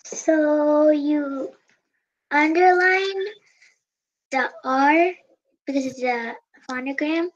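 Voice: high-pitched, drawn-out words, long pauses, lo-fi sound. A student in an online class carefully explaining how to mark a word, step by step.

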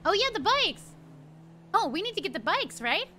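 A woman's voice: extremely high pitch, sing-song, normal speed, bright, forceful tone, soft background music. A woman streaming a role-play game, chatting casually and giggling often.

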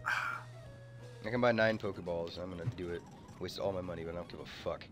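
A man's voice: low voice, fairly even intonation, a little fast, music in the background. Blunt, swearing gamer guy. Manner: blunt, swears freely, mutters to himself. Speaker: let's play co-host. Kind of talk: casual gaming commentary.

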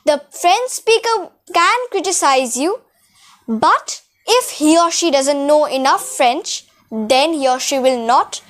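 A woman teaching French to beginners, speaking carefully and drawing out example words, in a room with a whiteboard. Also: sits high. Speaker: French tutor. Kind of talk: beginner language lesson.

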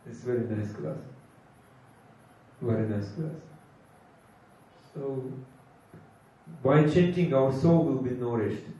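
A man's voice: mid-range voice, slow, long pauses, mellow. A man giving a devotional sermon. He repeats his points with emphasis and chuckles now and then. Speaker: preacher. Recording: echoey hall, far from mic, dull lo-fi.

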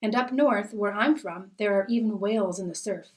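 A woman's voice: medium pitch, normal speed, close to an everyday voice. A fond old grandmother, as a woman reads her. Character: loving, nostalgic grandmother telling island memories.

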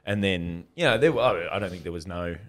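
A man's voice: sits low, expressive, fast. A middle-aged man with an Australian accent, telling rambling anecdotes as a podcast guest and laughing often. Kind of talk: casual storytelling chat.

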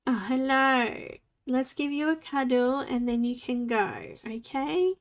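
A woman's voice: high voice, takes it slowly. A woman in her forties hosting a live coloring tutorial, chatting, laughing and teasing her cat as she works. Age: 40s. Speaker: art tutorial host. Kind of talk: live coloring stream chat.

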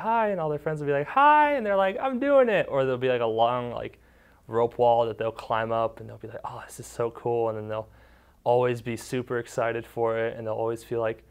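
A man's voice: fairly low pitch, gravelly, smooth. A young man casually recalling camp memories, with lots of "like" fillers, acting out the kids' quotes. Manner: relaxed storytelling, many "like" fillers, acts out kids' quotes. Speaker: interviewee, former camper and counselor. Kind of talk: casual recollection.

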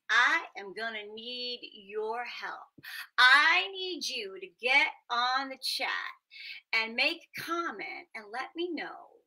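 Female children's host, playful and animated, slow and very bright, interactive storytime at home. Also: on the high side, rough recording. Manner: animated, playful, with sound effects. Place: small apartment at home.

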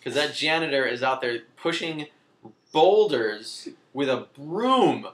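A young man rambles through a comic retelling with a deadpan delivery, now and then jumping into brief silly voices. His voice sits at an ordinary middle pitch for a man, and his talk is loose and casual. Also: slow pace. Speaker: comedian recapping a film. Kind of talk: casual comedic rant.

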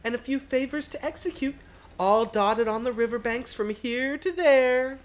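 A woman voicing a chatty, folksy middle-aged female tugboat pilot in a video game, with a slightly hoarse put-on voice. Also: sits high, moderate pace, pitched above the performer's own voice, close to an everyday voice. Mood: friendly.

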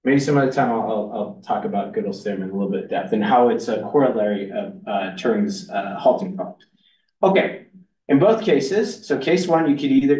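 In a lecture hall, a man with a medium-pitched, mellow voice gives a university lecture, rambling and restarting his sentences with many fillers. The audio is roomy and captured from far off.

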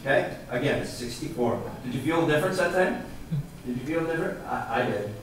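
Singing out rhythms and offering encouragement, a man leads a brass ensemble through music clinic coaching. He talks fairly quickly at a medium pitch with lively intonation, heard from a distance in a noisy, echoey hall.

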